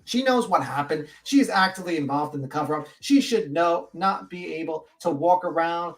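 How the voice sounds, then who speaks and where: A man's voice: on the high side, fairly quick. A male livestream host reading a document aloud with blunt, profane, indignant asides.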